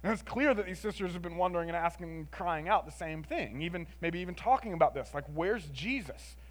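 A man preaching a sermon in an expressive, conversational way, moving between emphatic lines and hushed ones and often adding "like" and "right?". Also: sits high, fast.

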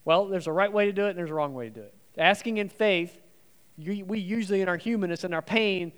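A man preaching a sermon as a guest preacher, swinging between loud emphasis and quiet, soft passages. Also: high voice, fast talker, clear, resonant tone.

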